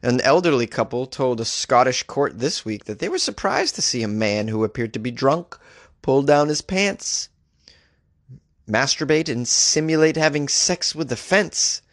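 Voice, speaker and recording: A man's voice: mid-range voice, expressive, moderate pace, no echo, studio quality. A man hosting a comedic news podcast, joking and laughing at his own gags as he reads out the stories.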